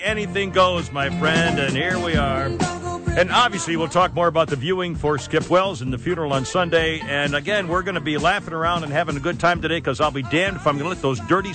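A middle-aged man hosting a talk radio show, brash, joking and rambling. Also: a little high. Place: radio studio.

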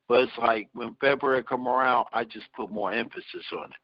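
A man's voice: medium pitch, steady tone, a little fast. A man co-hosting a casual talk show, restarting phrases and repeating his point as he talks. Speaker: co-host. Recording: dull, muffled lo-fi sound.

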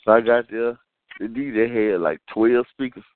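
A man's voice: medium pitch, moderate pace. A man co-hosting a casual podcast, telling stories with lots of acted-out quotes and laughter. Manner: animated storyteller, acts out quotes, laughs often. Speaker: podcast co-host. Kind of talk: casual storytelling banter. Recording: tinny phone-like sound with faint hiss.

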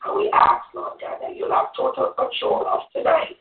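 A woman on a church group call, telling her testimony and leading a fervent spoken prayer full of repeated invocations. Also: normal speed. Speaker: evangelist, church member. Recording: distant echoey phone-line audio.

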